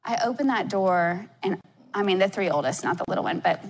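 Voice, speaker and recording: A woman's voice: mid-range voice, brisk, slight background noise. A woman, a mother, telling a casual story in an interview, chatty and acting out voices with lots of "like". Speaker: mother of four, interview guest.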